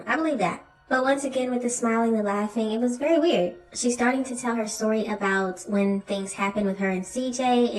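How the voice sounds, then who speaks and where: Woman reaction host, opinionated commentary, roomy echo, mic a bit far, faint music under. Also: medium pitch. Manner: opinionated, talks straight to viewers. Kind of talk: commentary on a drama clip.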